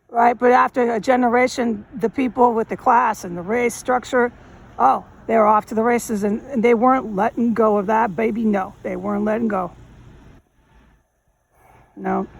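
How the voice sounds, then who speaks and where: A woman with a gravelly, rather high voice films a walking vlog on her phone along a city street, rambling emphatically in casual slang. The outdoor recording picks up faint street noise and passing traffic behind her monologue.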